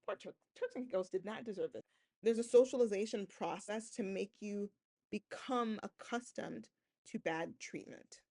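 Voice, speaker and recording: A woman hosting a sociology podcast in a casual lecture style, lively and often checking in with "right?". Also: mid-range voice, normal speed. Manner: animated, acts out quoted voices, keeps asking "right?".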